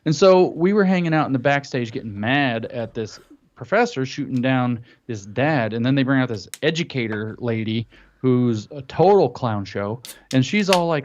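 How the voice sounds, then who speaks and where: A man telling an animated story in casual chat, acting out what others said. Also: mid-range voice, moderate pace. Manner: animated storytelling, acts out quotes. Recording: dull lo-fi audio.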